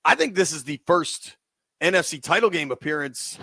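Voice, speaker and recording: A man in his forties hosting sports talk radio, excited and rambling in casual banter. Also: on the high side, moderate pace, no room sound. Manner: excited, rambling, laughs easily.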